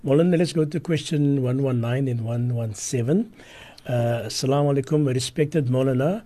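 A man presenting a radio call-in show, briskly reading listeners' text messages aloud. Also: mid-range voice, warm tone.

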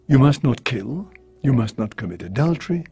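Priest reading out a calm male teacher, measured and solemn, voice rises and falls a lot. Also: mid-range voice, breathy edge, full character voice. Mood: gentle, earnest. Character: calm male teacher giving moral counsel.

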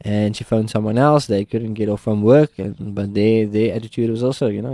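A South African man with a fairly low, warm voice earnestly recounts his life story as an interview guest sharing his testimony, acting out the people he quotes. He speaks briskly with fairly even intonation and hardly any pauses, and the recording is dry with clean studio sound.

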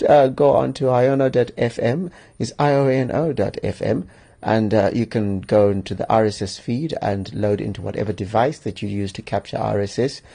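A man's voice: medium pitch, gravelly, dark tone, slightly rough. A man hosting a solo podcast, giving advice in an emphatic, joking way and chuckling often. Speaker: podcast host.

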